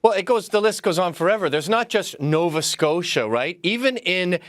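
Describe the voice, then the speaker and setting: Lively guy chatting and laughing a lot, high voice that jumps around, dry close sound. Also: moderate pace, no echo. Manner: animated, boisterous, laughs often. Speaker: guest. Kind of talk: casual chat.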